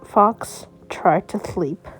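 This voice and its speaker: A woman narrating a children's bedtime story in a slow, gentle storytelling manner. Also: mid-range voice, husky, faint music behind.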